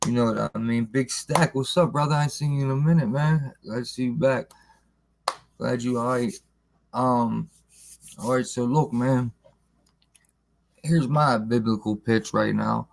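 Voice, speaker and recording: A man's voice: medium pitch, fairly even intonation, unhurried, vocal fry, long pauses, a little hiss or hum. A man hosting a live stream in casual, slangy talk, rambling and answering viewers in the chat by name.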